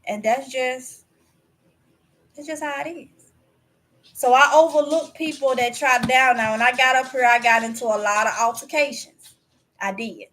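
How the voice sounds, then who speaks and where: A woman with a Mississippi Southern accent talks straight to her viewers in a high, bright-pitched voice. She is chatty and candid, telling stories in a folksy home dialect. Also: fairly even intonation, normal speed, pauses often. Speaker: vlogger. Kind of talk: casual storytelling to camera.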